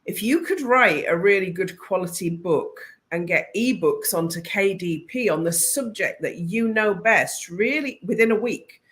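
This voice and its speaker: A woman's voice: medium pitch, animated, unhurried, hardly any pauses, fairly bright tone. A woman, a business consultant, talking casually and enthusiastically to viewers during a live stream, sometimes breaking off mid-sentence. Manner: chatty and enthusiastic, self-interrupting.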